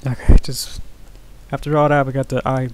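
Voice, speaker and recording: A man talks in an even monotone at a middle pitch while he works on an animation. He chats quietly with his stream audience and fills his pauses with "uh" and "like". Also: noisy background. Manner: soft-spoken, mumbling, many fillers. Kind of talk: casual live-stream chat.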